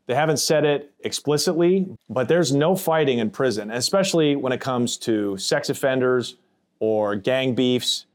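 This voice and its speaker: Blunt man telling a prison story. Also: mid-range voice. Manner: blunt, plainspoken, casual with swearing; acts out others' voices in quotes. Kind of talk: first-person storytelling podcast.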